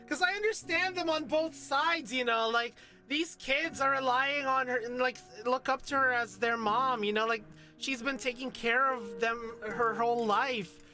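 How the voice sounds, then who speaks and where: Woman streamer, casual game commentary, emotional, exclaiming, rambling, bright voice. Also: high voice, measured pace, faint music behind.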